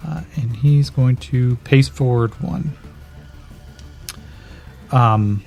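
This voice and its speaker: Gravelly man narrating a tabletop game. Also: mid-range voice, very slow, long pauses, darkish tone, soft background music. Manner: casual, swearing, with many fillers. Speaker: game master.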